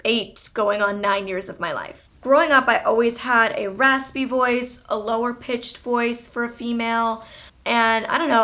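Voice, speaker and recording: A woman in her twenties from Canada, chatting candidly to camera and telling a story about her childhood in a relaxed, conversational way. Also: fairly high pitch. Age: 20s. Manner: chatty, candid, with laughs and fillers. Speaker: YouTuber.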